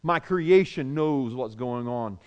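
A pastor voicing a calm savior figure, speaking slowly and firmly. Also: male voice, mid-range voice, smooth, muffled recording, voice pushed down. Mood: firm, solemn. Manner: slow, solemn, firm.

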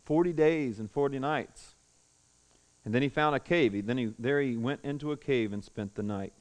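A man preaching a sermon to a congregation in a room, telling the story with animated swings between loud declaiming and hushed tones. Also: medium pitch, moderate pace. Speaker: pastor.

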